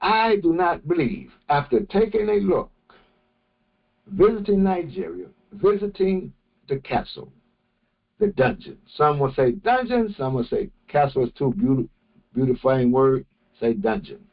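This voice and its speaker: A man teaching a morning religious session, speaking slowly and deliberately and often restarting his phrases. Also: a little high, vocal fry, narrow, tinny audio. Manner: slow, deliberate, with many restarts. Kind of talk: morning lecture.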